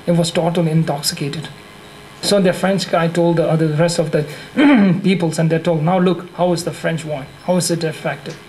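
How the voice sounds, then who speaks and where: Tibetan-accented male monk, higher voice, halting and self-correcting, light laughter, faint hiss behind. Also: fairly even intonation, darkish tone, poor audio. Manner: halting, repeats and corrects himself, laughs often. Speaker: Buddhist monk teacher. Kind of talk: dharma teaching with humor. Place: teaching hall.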